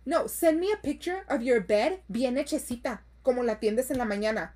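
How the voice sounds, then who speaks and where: Blunt, expressive young woman podcaster. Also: a little high, brisk. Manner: expressive and blunt, swears freely, laughs often; code-switches into Spanish phrases. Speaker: podcast host. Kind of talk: reading listener stories aloud with casual commentary.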